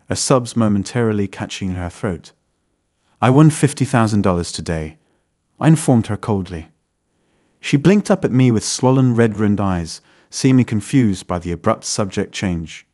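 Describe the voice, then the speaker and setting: Man reading a dramatic story aloud, first person, steady and scripted, lowish voice. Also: moderate pace. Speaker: story narrator.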